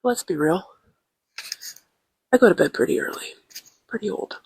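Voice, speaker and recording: A woman's voice: on the low side, expressive, normal speed, vocal fry, a little mellow, breathy edge, no room sound. A woman podcast co-host recording a casual travel audio diary at a relative's home on a tiny clip-on mic, talking in a playful, jokey, mock-serious way. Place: indoors at a relative's family home. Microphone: tiny clip-on influencer microphone.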